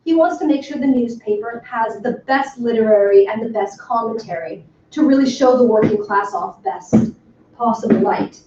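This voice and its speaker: Higher-pitched woman lecturing in an echoey room. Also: expressive, normal speed, darkish tone. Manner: enthusiastic, emphatic, with frequent ums. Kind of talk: academic talk to a workshop audience. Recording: far from the mic in an echoey room, dull and slightly noisy.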